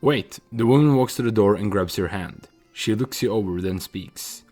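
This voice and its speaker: A man playing a text adventure game, reading the story out and musing over his choices with hesitant pauses. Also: lowish voice, darkish tone, faint music behind. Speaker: player narrating a text adventure. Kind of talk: reading and thinking aloud.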